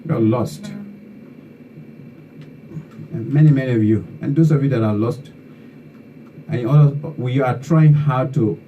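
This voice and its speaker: A man's voice: medium pitch, measured pace, long pauses, phone-quality sound. Impassioned man, distant mic. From Liberia. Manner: fervent, repetitive, scolding the audience. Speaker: online talk show host. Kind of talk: impassioned political commentary. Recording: distant mic with faint background noise.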